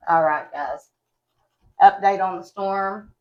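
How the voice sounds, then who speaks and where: With big pitch swings in a mid-range voice, this woman talks very slowly and pauses often, in a rough recording. A folksy, talkative West Virginian with an Appalachian Southern accent, she reviews products at home in a casual chat to camera and calls her viewers y'all.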